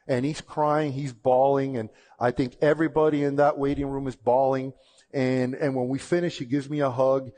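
A man's voice: mid-range voice, moderate pace. A middle-aged man telling a personal testimony in a casual, conversational way, with frequent restarts. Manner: lively, conversational retelling with repeated "and, and" restarts. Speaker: speaker sharing a personal testimony.

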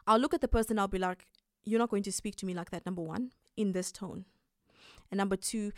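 A young woman hosting a podcast, giving calm, emphatic advice and laughing often. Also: mid-range voice, no echo, clean studio sound. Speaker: podcast host.

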